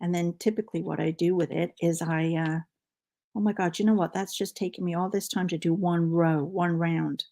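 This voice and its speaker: A woman's voice: on the low side, steady tone, normal speed, mellow. A middle-aged woman hosting a knitting livestream, telling a rambling story in casual chat and counting stitches aloud.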